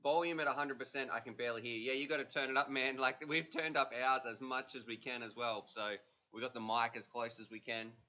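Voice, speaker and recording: A man's voice: mid-range voice, fairly even intonation, fairly quick, sharp tone. A man hosting a livestream, chatting casually and rambling with plenty of fillers. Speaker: livestream host. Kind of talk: casual chat. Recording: dull lo-fi livestream audio.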